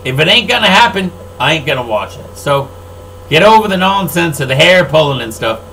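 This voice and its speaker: An older man delivers a profane, rambling monologue in a high, piercing voice. He runs a record label and talks like he's been mad for years, shouting some points and grumbling others under his breath. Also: big pitch swings, fairly quick, slight background noise, low-quality recording. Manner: profane, rambling, swings between loud outbursts and low mutters. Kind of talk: angry ranting monologue.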